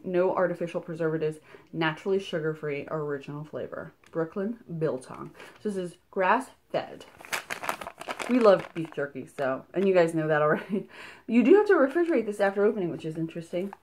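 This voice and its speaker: A woman vlogging casually as she unboxes a subscription box at night, chatty and excitable, gushing over each item and a little out of breath. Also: medium pitch, slight background noise. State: slightly out of breath. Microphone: camera mic, filming at night indoors.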